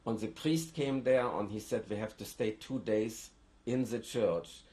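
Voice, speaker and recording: Older man giving halting testimony. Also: fairly low pitch, dark tone. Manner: halting, with repeated restarts. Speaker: interviewee. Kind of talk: oral history testimony.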